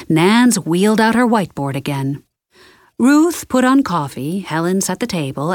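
Woman reading an audiobook, low voice, slow and lively, dry close sound. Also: dry recording. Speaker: audiobook narrator. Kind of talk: scripted narration.

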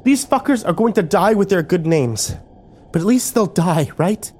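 A man's voice: animated, moderate pace, a little mellow. A man doing a blunt, fierce young woman. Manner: pleading then fierce, raised pitch. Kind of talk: audiobook dialogue.

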